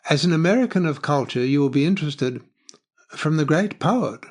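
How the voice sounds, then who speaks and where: A man's voice: on the high side, expressive, moderate pace, voice pushed up. A man reading the part of a prim, businesslike middle-aged woman in an audiobook, raising his voice a little for her.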